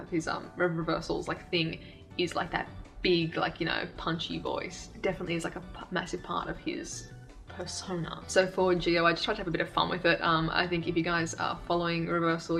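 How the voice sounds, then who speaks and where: Flat-toned woman vlogging. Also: on the low side, vocal fry. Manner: candid, self-deprecating, laughs often. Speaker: YouTube creator. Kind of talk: casual reflective vlog talk.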